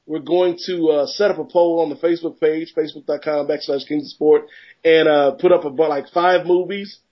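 Joking podcast host, lo-fi sound. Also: male voice, a little high, a little fast. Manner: joking, rambling, animated riffs. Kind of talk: casual sports podcast banter. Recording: dull lo-fi podcast audio.

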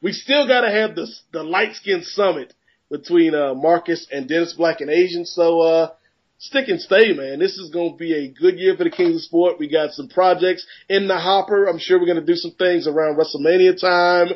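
A man co-hosting a casual sports podcast, joking and rambling through animated riffs. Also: on the high side, normal speed. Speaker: podcast co-host. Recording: dull lo-fi podcast audio.

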